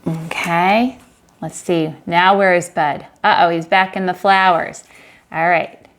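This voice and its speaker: A woman reading a children's book aloud in a lesson, saying each line slowly and clearly, then quickly and softly prompting the child to read along and praising them. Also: lowish voice, steady tone. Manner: encouraging, asks simple questions. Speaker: teacher reading with a young child.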